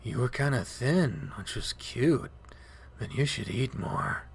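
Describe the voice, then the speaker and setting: A man doing a groggy, deadpan young wolf. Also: slow, vocal fry, slightly rough, heavily acted. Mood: flat mumbling. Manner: deadpan mumble, low and soft. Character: injured, groggy young male wolf, flat and rambling.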